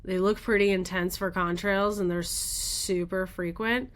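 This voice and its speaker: A woman's voice: mid-range voice, fairly even intonation, a little slow. A woman hosting a daily weather radar show, thinking aloud in casual, rambling commentary as she looks at the maps.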